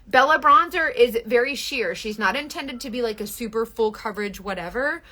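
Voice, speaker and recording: A young woman, chatting casually through a live-stream makeup tutorial, gushing over products and quickly apologizing for her own bluntness. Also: a little high, bright, forceful tone. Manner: chatty, gushing, quick self-deprecating asides.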